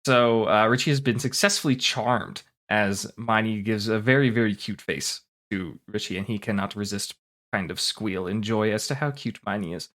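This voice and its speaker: A man's voice: lowish voice, moderate pace, a bit bright. Casual man narrating a tabletop game. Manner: casual, with frequent um and uh fillers. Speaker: game master.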